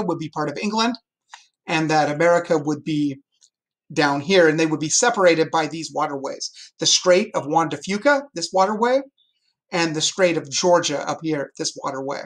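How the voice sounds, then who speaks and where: Man teaching a lively history class. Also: high-pitched. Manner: lively, joking, explains with a map.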